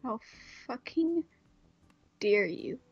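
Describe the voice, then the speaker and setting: A woman reading a visual novel aloud and chatting, animated and joking, swearing often. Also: a little high, drawn-out words, vocal fry, slightly rough, no echo, faint music behind. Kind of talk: casual let's play chat and reading. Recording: dry, slightly muffled mic.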